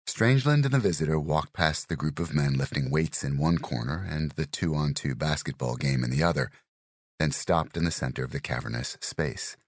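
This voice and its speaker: A man narrates a crime thriller with an exceptionally deep, bass-heavy voice. His delivery is measured and even, in steady storytelling. The recording is close and completely dry, with no room sound. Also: no room sound. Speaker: audiobook narrator.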